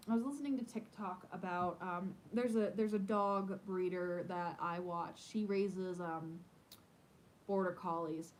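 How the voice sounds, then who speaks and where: A woman in her thirties, a podcast host, chatting casually and telling animated stories with lots of "like". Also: mid-range voice, a little hiss or hum, poor audio. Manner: chatty, animated storytelling with many "like"s. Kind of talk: casual chat.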